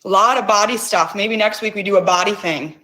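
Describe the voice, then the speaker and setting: A woman's voice: mid-range voice, brisk, pushed and bright. A middle-aged woman hosting, coaxing listeners with intense words and frequent swearing. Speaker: host. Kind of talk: guided emotional release session.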